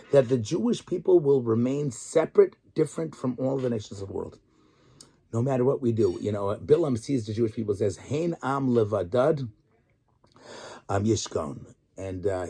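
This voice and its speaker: A man's voice: mid-range voice, slightly rough. A middle-aged man, a rabbi and tour guide living in Israel, giving a weekly Torah talk full of stories and acted-out quotes. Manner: animated storyteller, acts out quotes.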